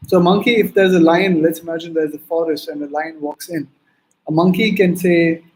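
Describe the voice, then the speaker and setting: A man's voice: a little high, steady tone, a little fast, darkish tone, low-quality recording. A man in his thirties with an Indian English accent, giving a conversational startup talk full of "right?" and "um". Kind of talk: conference talk.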